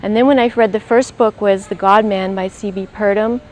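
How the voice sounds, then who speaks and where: A woman's voice: medium pitch, steady tone, fairly quick, hardly any pauses, poor audio. An older woman telling a personal spiritual story in an earnest way, acting out her own past thoughts as she goes. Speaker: interviewee.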